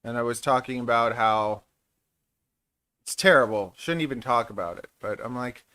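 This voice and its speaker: A man's voice: mid-range voice, moderate pace, sharp tone, smooth, no echo. Man, thirties, stream host, rambling and jokey, mid-range voice, dry close sound. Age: 30s. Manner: rambling and jokey, laughs often. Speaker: channel host. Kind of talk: casual live-stream chat.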